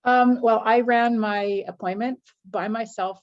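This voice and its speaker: A woman in a group session proudly sharing her news with excitement. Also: a little high, unhurried, muffled recording. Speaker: group participant.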